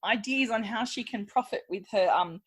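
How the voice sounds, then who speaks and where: A woman's voice: fairly high pitch, normal speed, breathy edge. A woman co-hosting a podcast, chatting casually, laughing often and slipping into silly voices. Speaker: podcast co-host. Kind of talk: casual chat.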